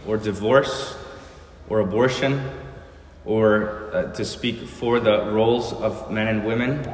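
A man's voice: lowish voice, a little hiss or hum. Man preaching in an echoey church hall. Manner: earnest preaching with rhetorical questions. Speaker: pastor. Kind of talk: sermon.

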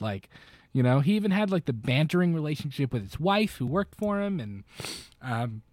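A man's voice: medium pitch, big pitch swings, moderate pace, a little mellow, dry recording. A man co-hosting a podcast, retelling a film in a casual, rambling way with lots of fillers and restarts. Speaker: podcast co-host. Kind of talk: casual chat recapping a film.

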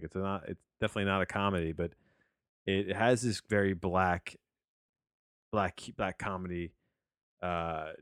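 A man with a very low, smooth voice talks through a film review in a loose, rambling podcast style. He restarts his sentences often and drops in wry asides. The sound is close and dry. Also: fairly bright tone, no echo. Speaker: podcast host reviewing a movie. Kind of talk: casual rambling movie review.

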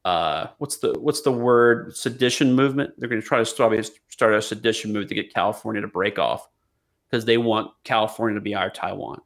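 A man's voice: fairly low pitch, brisk, vocal fry. A man co-hosting a podcast, ranting casually with lots of swearing, jokes and restarts. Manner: profane, joking, rambling with restarts. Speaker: podcast co-host. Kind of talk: casual political chat.

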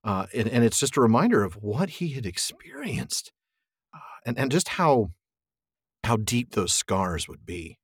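A man's voice: medium pitch, big pitch swings, unhurried, slightly rough, no echo, clean studio sound. A man co-hosting a podcast, talking casually and enthusiastically about a book and reading passages aloud. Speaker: podcast co-host.

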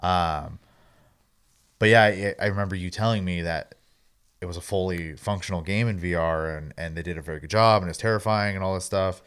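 Deep-voiced easygoing man co-hosting. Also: brisk, a bit bright, clear, resonant tone. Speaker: podcast co-host. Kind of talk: casual chat.

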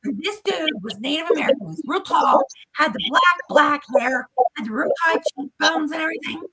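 High-pitched woman w a gravelly fry, swearing and rushing thru her story. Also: crowd noise, rough recording. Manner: animated, profane, breathless retelling. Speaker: podcast guest. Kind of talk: casual storytelling.

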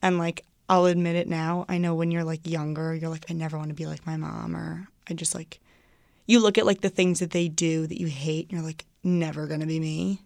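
A young adult woman, a student, is a guest on a casual podcast, rambling and saying "like" constantly. Her voice is lowish and slightly mellow with a flat delivery at a moderate pace, captured in clean studio sound without room echo.

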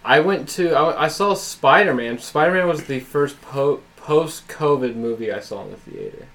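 A man's voice: fairly high pitch, moderate pace, fairly bright tone. A man in casual podcast chat, telling rambling stories with some swearing. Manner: laid-back, rambling anecdotes with swearing. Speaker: podcast guest.

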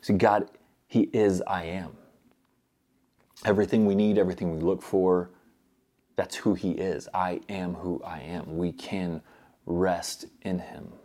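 A man preaching a sermon earnestly, moving between loud urgent stretches and soft hushed ones. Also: deep voice, flat delivery, measured pace, pauses often.

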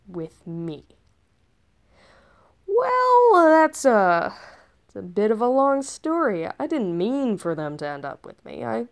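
Woman, high-ish, very animated intonation; casual in-character storyteller, rambling and sarcastic. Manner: chatty and rambling, with sarcastic asides. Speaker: time-traveler storyteller.

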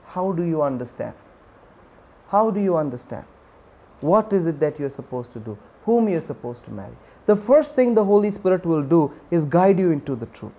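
High-voiced man preaching emphatically. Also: mellow. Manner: emphatic, repeats key phrases, asks the audience questions. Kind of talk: sermon teaching.

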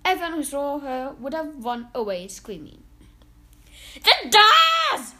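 A woman reading a children's story aloud in an expressive, dramatic way. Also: sits high, normal speed.

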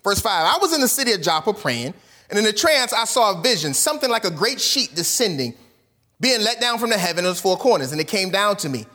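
A male pastor preaching a lively sermon, his voice pitched high and swinging widely up and down. He reads scripture aloud and plays out the quoted lines in voices, slipping into casual, colloquial phrasing. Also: fast.

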